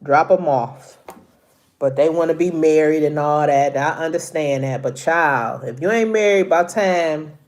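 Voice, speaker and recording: Middle-aged lady chatting on a livestream, bit congested, lowish voice, laughs a lot. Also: moderate pace, a little mellow. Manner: chatty, laughs often, Southern US vernacular. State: congested from allergies. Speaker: live-stream host. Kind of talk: casual live-stream chat with viewers.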